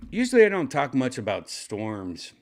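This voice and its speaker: Older guy with a low gravelly voice, crude rambling chat at home. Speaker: host. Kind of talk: casual chat. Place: second-floor home room.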